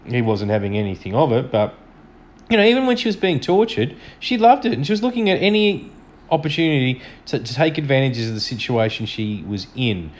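A man's voice: mid-range voice, big pitch swings, fairly quick. Chatty man hosting a solo podcast. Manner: enthusiastic, chatty, self-deprecating. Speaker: podcast host. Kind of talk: solo podcast episode review. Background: dog snoring.

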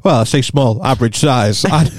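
A man's voice: mid-range voice, lively intonation, moderate pace, no room sound. A young man co-hosting a comedy podcast, chatting casually, swearing freely and laughing often. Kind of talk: casual chat.

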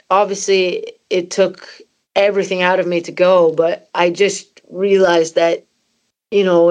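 Candid woman in her thirties, lowish voice. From Canada. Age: 30s. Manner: candid and emotional, many "you know" fillers. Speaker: footballer guest. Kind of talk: personal storytelling.

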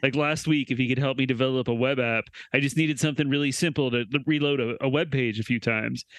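A man hosting a casual comedy podcast, animated and quick to laugh. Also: mid-range voice, no echo. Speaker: podcast host.

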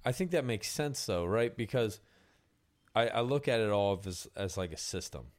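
A man's voice: lowish voice, animated, normal speed. A young man hosting a casual podcast chat about music, loose and profane, often trailing off and restarting.

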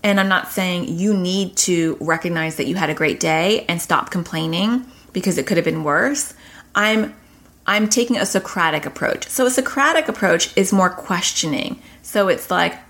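A middle-aged woman giving casual advice on her own channel. She tells stories in a lively way, and her pitch leaps whenever she quotes her son or herself. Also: normal speed. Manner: animated storytelling, pitch leaps when quoting others. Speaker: parenting and anxiety educator on her own channel. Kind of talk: casual advice monologue to camera.

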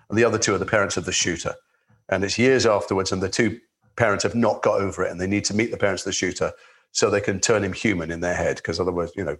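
A man with a London accent, an actor telling anecdotes in relaxed chat, with many restarts. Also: on the low side. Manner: lively storyteller, swears in quotes, many restarts. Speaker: actor guest.

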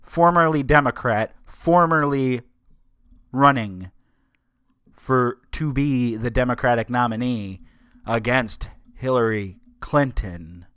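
A man's voice: mid-range voice, takes it slowly, fairly bright tone, clear, resonant tone, no echo, clean studio sound. A man hosting a solo podcast in a casual monologue, rambling, stumbling over his words and making wry asides. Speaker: podcast host.

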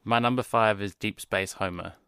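A man's voice: on the low side, moderate pace, fairly bright tone, clear, resonant tone, dry recording. A man co-hosting a podcast in casual chat, talking in a dry, matter-of-fact way. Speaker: podcast co-host.

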